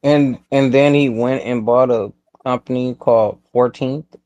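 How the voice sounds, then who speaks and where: A man's voice: medium pitch, steady tone, moderate pace, darkish tone, lo-fi sound, a little hiss or hum. A man in a casual podcast chat who repeats himself when worked up. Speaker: podcast co-host.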